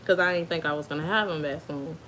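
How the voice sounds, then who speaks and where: A woman's voice: low-pitched, quick pace, fairly bright tone, a little hiss or hum. A young woman with an African American Vernacular English accent, telling a birth story in a chatty way and laughing often. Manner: chatty, laughs often, talks to kids off camera. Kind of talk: casual storytime.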